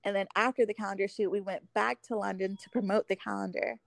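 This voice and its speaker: A young woman in her twenties, a podcast guest, chatting casually and acting out her stories with lively quoted voices. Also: mid-range voice, fast talker, vocal fry, no echo. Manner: animated storyteller acting out quotes, giggly. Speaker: podcast guest, former pro cheerleader. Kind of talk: casual chat.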